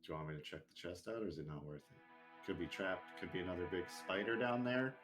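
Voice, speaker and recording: A man's voice: sits low, fast, music in the background. A man playing a tabletop game, cautious and full of questions for the game master. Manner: cautious, asks many questions. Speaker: player. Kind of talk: casual tabletop game play.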